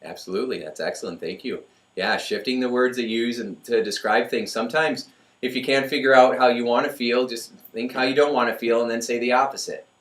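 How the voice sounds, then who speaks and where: A man's voice: mid-range voice, a little fast. Upbeat middle-aged guy doing a pep talk, does little voices, sounds far away in a roomy space. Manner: energetic, acts out voices in stories. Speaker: host. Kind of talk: motivational talk. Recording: echoey room, mic far off.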